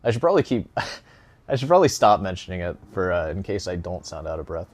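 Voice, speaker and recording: Hosting his own laid-back podcast, a young guitar teacher talks quickly in a deep, sing-song voice on a dry recording. He's a little out of breath, rambling and cracking jokes with lots of filler words.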